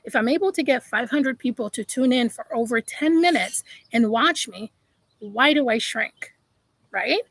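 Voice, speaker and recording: Woman coach going off on a live stream, preachy and emphatic, kinda high voice, dry close sound. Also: lively intonation, moderate pace, no echo, rough recording. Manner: emphatic, preachy, addresses viewers as y'all. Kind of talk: live-stream motivational talk.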